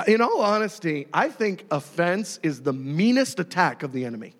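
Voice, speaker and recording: A man's voice: sits high, normal speed, in a large hall. A man in his thirties preaching a sermon, telling stories and acting out the voices in them. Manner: animated storytelling, acting out voices. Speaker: pastor.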